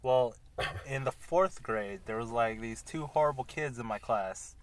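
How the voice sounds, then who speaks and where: A young man with an everyday mid-pitched voice talks in a laid-back way. He drops dry asides into a relaxed podcast conversation among friends. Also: measured pace, poor audio. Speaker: podcast co-host. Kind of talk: casual chat.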